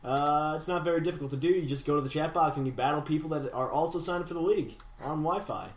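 A young man co-hosting a casual gaming podcast, chatty and animated, stretching out names slowly when he reads league standings. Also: a little high. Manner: animated, slow announcer drawl for standings. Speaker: podcast co-host. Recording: echoey room.

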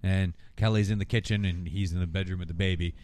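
A man's voice: sits low, no echo. A man hosting a podcast, recapping TV episodes in casual chat and acting out the characters' lines. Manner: animated, acting out every character with quick voice switches. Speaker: podcast host.

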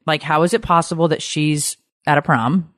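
Animated storytelling woman, dry mic. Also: normal speed, no room sound. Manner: animated storyteller, swears, jumps high for quoted lines. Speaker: podcast co-host. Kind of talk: casual chat.

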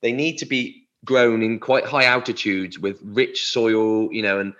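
A man's voice: lowish voice, fairly even intonation, measured pace, fairly bright tone, dull audio. A man co-hosting a podcast, chatting casually and rambling through word origins. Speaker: podcast co-host. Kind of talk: casual chat.

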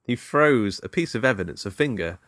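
A man's voice: fairly low pitch, animated, fairly quick, a bit bright, dry recording, clean studio sound. A British man recapping a film in casual chat, rambling with laughs and fillers. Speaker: podcast co-host.

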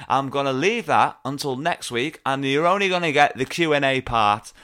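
A man's voice: mid-range voice, normal speed, sharp tone, clear, resonant tone. A man hosting a fan podcast, chatting in a jokey, rambling way. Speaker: podcast host. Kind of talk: casual podcast chat.

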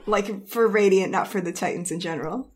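A woman playing a tabletop role-playing game, thinking her answers out loud and laughing easily. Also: medium pitch, brisk, a little hiss or hum. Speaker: player. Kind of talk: casual tabletop game play.

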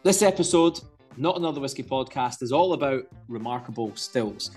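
A man's voice: medium pitch, animated, normal speed, darkish tone, husky, faint music behind. A man co-hosting a podcast, chatting casually in a jokey, rambling way. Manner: jokey, rambling, self-deprecating. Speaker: podcast co-host.

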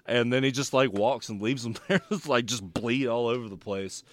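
A man's voice: mid-range voice, fairly quick, no echo, studio quality. A man co-hosting a casual chat, retelling a TV show at length with laughs and swearing. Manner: rambling storyteller, laughs, swears. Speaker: podcast co-host reviewing TV shows.

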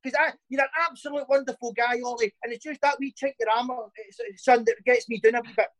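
A man's voice: very high voice, fairly even intonation, fast talker, fairly bright tone, poor audio. A man with a Glaswegian Scottish accent hosting a podcast, cheeky and teasing, telling sweary stories. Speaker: podcast host, ex-footballer. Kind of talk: casual chat.

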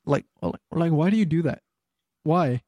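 A man's voice: on the high side, unhurried, no echo, lo-fi sound. Young man rambling with lots of swearing. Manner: rambling, swears a lot, many fillers. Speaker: podcast co-host telling work stories. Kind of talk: casual chat.

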